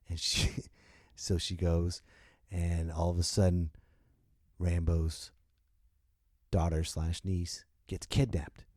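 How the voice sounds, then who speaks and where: A man's voice: low voice, dry recording, clean studio sound. A man hosting a comedy podcast, ranting about a movie in an exaggerated, profane way. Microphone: podcast mic.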